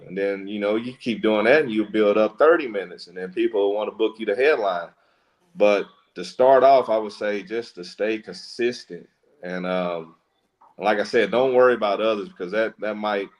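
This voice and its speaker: A man, a stand-up comedian, talking as a guest in a casual interview, relaxed and joking. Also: fairly low pitch, poor audio.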